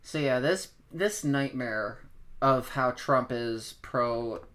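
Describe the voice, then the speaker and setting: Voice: mid-range voice, slow pace, a bit bright. Streamer thinking aloud, swearing. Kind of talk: livestream commentary.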